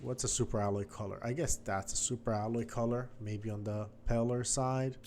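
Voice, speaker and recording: A man's voice: medium pitch, fairly even intonation, normal speed, a little mellow, a little hiss or hum. A man giving casual gameplay commentary, chatty and thinking aloud as he explores, with faint game music behind him. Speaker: gaming YouTuber.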